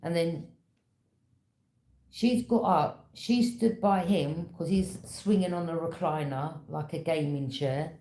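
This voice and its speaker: In an echoey room, a woman reads tarot in a low, slow voice with a dark tone. Her delivery is casual and story-like, conversational yet knowing and direct.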